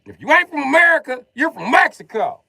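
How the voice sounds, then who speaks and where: Man doing a brash, high-pitched rural blowhard, loud and drawling. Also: very animated, brisk, gravelly, exaggerated voice. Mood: blustering. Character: blustering loud rural American man, boastful.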